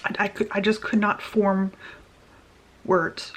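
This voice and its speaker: A woman vlogger telling a personal story in a casual, animated way, with quick restarts as she goes. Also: medium pitch. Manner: animated, tumbling retelling with restarts.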